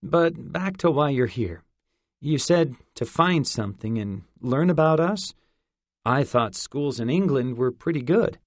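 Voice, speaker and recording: A male narrator voicing a calm, gentle father in a plain voice. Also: mid-range voice, measured pace, no room sound.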